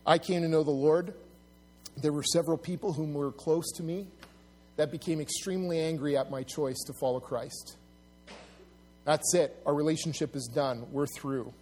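A male pastor with a somewhat high voice delivers his sermon in an earnest, conversational way. He stops and restarts his phrases often as he works through his points. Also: breathy edge. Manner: earnest, restarts often, rises loud and high when acting out mockers.

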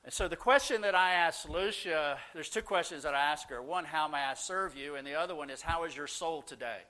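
Animated storytelling man, bright voice. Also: fairly high pitch, a little fast. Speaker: speaker answering audience questions. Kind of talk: casual talk to a live audience.

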